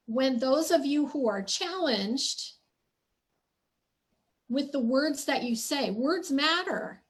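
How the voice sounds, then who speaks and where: A woman podcast host and spiritual teacher telling a personal story in an earnest, reflective monologue. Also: a little high.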